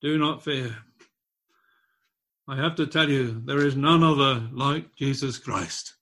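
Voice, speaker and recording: A male preacher delivering a sermon at a slow, deliberate pace. He sits at a middle pitch, stresses his points with repetition, and lifts his voice on the key lines. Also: fairly bright tone. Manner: slow, emphatic and repetitive, rising in pitch and force on key phrases.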